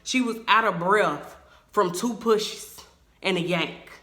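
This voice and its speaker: Animated young woman telling a fight story. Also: medium pitch, slow pace. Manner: animated, emphatic storytelling to viewers. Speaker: vlogger. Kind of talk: storytime vlog. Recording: echoey room.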